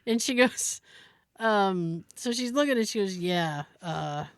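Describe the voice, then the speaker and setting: A woman's voice: medium pitch, slow, no room sound, clean studio sound. A woman co-hosting a podcast, telling a story in casual chat and acting out the people in it. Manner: animated, acts out the people in her story. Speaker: podcast co-host.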